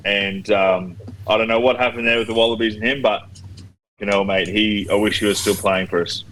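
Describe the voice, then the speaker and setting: A man's voice: on the low side, steady tone, fairly quick, fairly bright tone. A man chatting casually on a podcast, rambling and teasing, with mate in every other phrase. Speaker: podcast co-host. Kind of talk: casual chat. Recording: very noisy call line.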